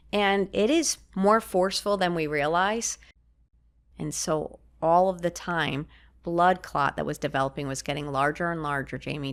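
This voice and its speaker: A woman, a podcast guest, telling a personal story in an animated way and acting out the lines she quotes. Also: low voice. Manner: animated, acts out quoted dialogue.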